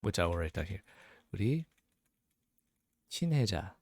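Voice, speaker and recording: A man's voice: sits low, big pitch swings, fast, a little mellow, husky, dry recording. A man teaching a casual live-streamed language lesson, chatting loosely and answering viewer questions as they come in. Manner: casual, chatty, reads chat questions aloud.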